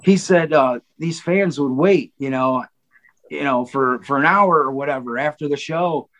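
A man's voice: a little high, measured pace, a bit bright, low-quality recording. A man telling stories in a casual podcast chat, rambling with many fillers and quoted asides. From Cleveland, Ohio. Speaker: guest drummer.

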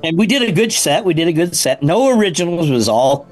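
An older man and former band musician telling a casual, animated story, rambling with frequent restarts. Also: a little high, fast, faint music behind.

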